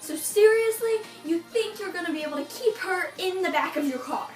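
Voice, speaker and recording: Exasperated high-voiced teen girl ranting. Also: lively intonation, normal speed. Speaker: book reviewer. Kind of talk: casual book review. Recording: echoey room, far from mic, faint music.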